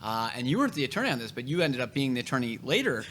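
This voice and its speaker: Guy hosting a podcast, blunt and sweary, bright voice, some faint hiss behind. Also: medium pitch, sing-song, very fast. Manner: blunt, profane storytelling. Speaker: real estate broker and podcast host. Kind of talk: casual podcast chat.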